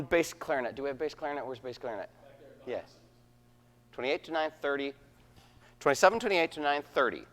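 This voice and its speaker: A man's voice: fairly high pitch, a bit bright. A man conducting a wind band rehearsal, counting off and singing rhythms aloud. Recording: echoey hall.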